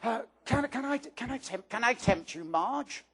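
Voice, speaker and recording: A man's voice: very high voice, expressive, normal speed, fairly bright tone, husky, voice pushed up, full character voice. A man doing a stammering, flustered uncle. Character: tense, blustering middle-aged uncle. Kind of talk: live reading of a children's novel.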